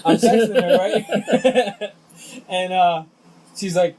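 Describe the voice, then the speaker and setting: A man's voice: high-pitched, slow pace, a little hiss or hum, poor audio. A man co-hosting a podcast, chatting casually, teasing his friends and laughing often. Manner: lively, laughs a lot, teasing. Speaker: podcast co-host. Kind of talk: casual chat.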